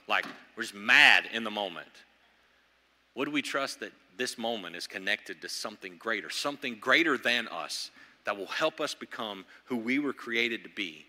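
A male pastor delivers an animated sermon in a sharp, bright voice. He swings from loud, high bursts down to low, quiet stretches. The room gives a long, ringing reverb. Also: moderate pace.

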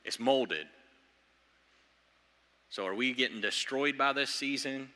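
A male pastor delivers an animated sermon in a sharp, bright voice. He swings from loud, high bursts down to low, quiet stretches. The room gives a long, ringing reverb. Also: slow pace.

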